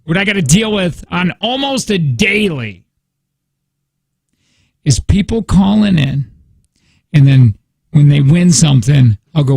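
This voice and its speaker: A man's voice: fairly high pitch, expressive, unhurried, creaky, long pauses, darkish tone, dry recording. A man in his forties hosting a morning radio show, chatty and telling stories in casual banter. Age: 40s. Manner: chatty, storytelling, laughs easily. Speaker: radio host. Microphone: studio mic.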